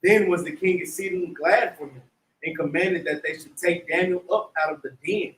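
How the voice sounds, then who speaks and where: A man's voice: high-pitched, a little fast, fairly bright tone, recorded from a distance. A man reading scripture aloud in a Bible class, in old-style scripture wording. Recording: echoey room, away from the mic.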